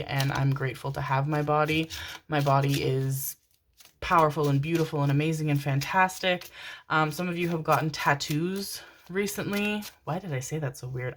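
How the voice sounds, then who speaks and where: A woman with a low voice talks through a tarot reading in a loose, gushing way, dropping the odd swear word. A faint hiss sits under the recording. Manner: chatty, effusive, swears casually. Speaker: tarot reader. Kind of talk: casual tarot reading to camera.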